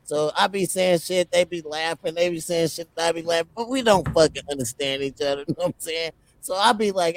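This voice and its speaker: A man's voice: a little high, fairly quick, hardly any pauses. A man co-hosting a casual podcast, joking around in loose, profane banter. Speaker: podcast co-host. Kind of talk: casual chat.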